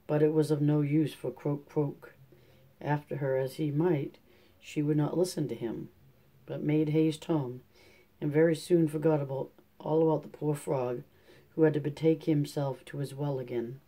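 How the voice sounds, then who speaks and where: A man reading a fairy tale aloud at a steady, measured pace. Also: a little high. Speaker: storyteller.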